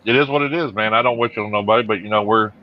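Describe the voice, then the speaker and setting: A middle-aged man with a very low voice hosts a livestream, chatting loosely and trailing off into quiet asides. The audio is muffled and lo-fi, with a faint hiss underneath. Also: very fast. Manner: rambling, many fillers, trails off quietly. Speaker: livestream host. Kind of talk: casual chat on a livestream.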